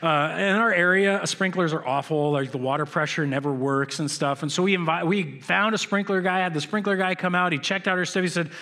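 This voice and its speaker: Animated preacher man with bright tone. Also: a little fast, few pauses. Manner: animated storytelling, acts out quotes with big pitch jumps. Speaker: pastor. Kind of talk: sermon. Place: church sanctuary.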